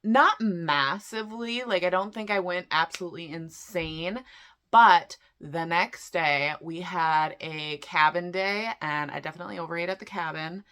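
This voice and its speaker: A woman's voice: on the low side, normal speed, a bit bright, clean tone. A woman chatting casually in a vlog, chatty and self-deprecating, talking through her day. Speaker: vlogger.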